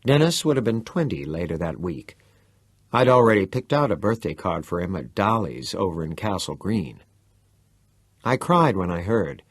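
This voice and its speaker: A man's voice: deep voice, very animated, moderate pace, breathy edge, dry recording. A man reading a novel aloud in the first person, telling the story expressively. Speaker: audiobook narrator.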